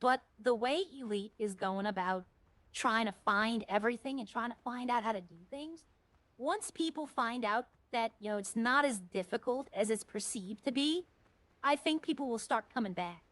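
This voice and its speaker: A woman's voice: a little high, moderate pace, a bit bright, no room sound, low-quality recording. A woman streamer chatting casually while playing a game, rambling and earnest, often restarting her sentences.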